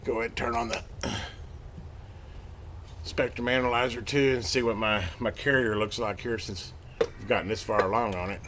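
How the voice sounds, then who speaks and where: A man hosting a radio repair video, chatting casually and excitedly to viewers as he tests and works at his home workbench. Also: medium pitch, moderate pace, background noise. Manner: excited, rambling, talks to viewers while working. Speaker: radio repair channel host. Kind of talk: casual hands-on workbench narration.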